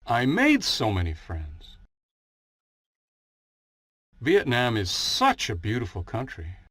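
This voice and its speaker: A woman reading pronunciation example sentences with slow, exaggerated sentence stress. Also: extremely low pitch, wildly swooping pitch, fairly bright tone, breathy edge, no room sound, clean studio sound, pitched below the performer's own voice, exaggerated voice.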